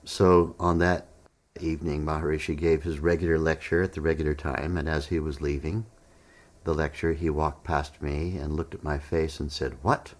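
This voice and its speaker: A man's voice: a bass voice, flat delivery, normal speed. A middle-aged man, a meditation teacher, telling a self-deprecating personal story, acting out the dialogue and chuckling often. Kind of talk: storytelling monologue.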